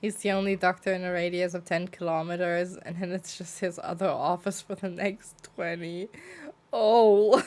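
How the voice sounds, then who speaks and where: A young woman streaming, chatting casually in a relaxed way and laughing easily. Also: on the low side, normal speed. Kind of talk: casual chat.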